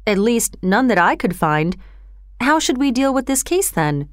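A woman's voice: fairly high pitch, very animated, measured pace, dry recording, studio quality. A woman voicing a deferential male court officer who speaks politely and respectfully in a storybook reading.

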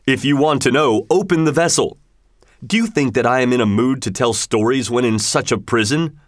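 A man voicing a crafty trapped genie who pleads and bargains in a read-aloud folk tale, coaxing and smooth-talking. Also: medium pitch, normal speed, dry recording, studio quality, natural voice. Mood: urgent. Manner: wheedling, coaxing.

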